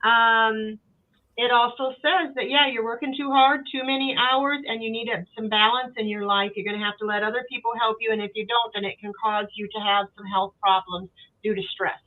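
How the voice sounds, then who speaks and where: A chatty woman reads tarot card meanings in a plain, easygoing voice that sits somewhat high. She comes through a narrow, tinny call line. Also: steady tone, a little fast. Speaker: guest tarot reader. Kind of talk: casual chat, reading card texts aloud. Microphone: remote call. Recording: tinny phone-like call audio.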